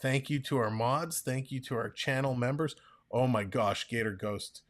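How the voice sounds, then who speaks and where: A man calling a ball game play-by-play on a live stream, chatting and reading viewer comments between pitches. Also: normal speed. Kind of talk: casual play-by-play with chat reading.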